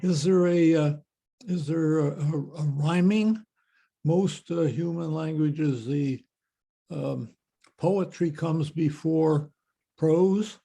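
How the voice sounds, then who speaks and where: A man asks questions over a video call, pausing and searching for his words. His voice is gravelly and husky, with a dark tone. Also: a little high. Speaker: audience member asking questions. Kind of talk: casual questions.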